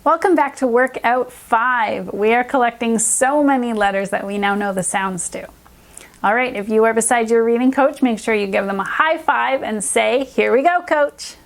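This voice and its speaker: A woman's voice: a little high, gravelly. Encouraging woman teaching phonics to kids. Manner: upbeat, encouraging, slow careful sound modeling. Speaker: reading specialist teacher. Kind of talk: children's phonics lesson.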